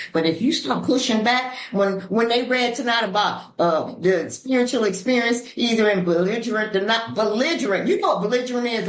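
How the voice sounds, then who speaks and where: An older woman from Los Angeles speaking at a recovery meeting, telling her story in an animated, preacherly way with sudden voice shifts. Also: mid-range voice, reverberant, rough recording. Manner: African American Vernacular English grammar. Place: meeting room.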